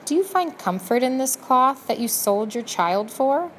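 A woman voicing a scheming male rat from a dungeon, speaking softly, courtly and coaxing, in a storybook reading. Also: high-pitched, very animated, unhurried, a little hiss or hum, voice pushed up.

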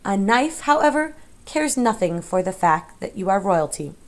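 A woman voicing a sly, menacing male rat villain in an audiobook, with smooth, coldly polite threats. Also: medium pitch, big pitch swings, normal speed. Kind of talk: audiobook character voice.

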